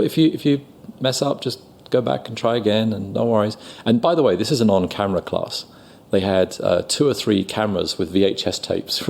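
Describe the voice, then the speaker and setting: A middle-aged man with a London accent talks casually in an interview. His voice sits low and a little gravelly. He rambles warmly through his own story, acting out the bits where he quotes people. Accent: London English. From England. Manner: chatty, self-deprecating, lots of fillers and acted-out quotes. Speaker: guest actor.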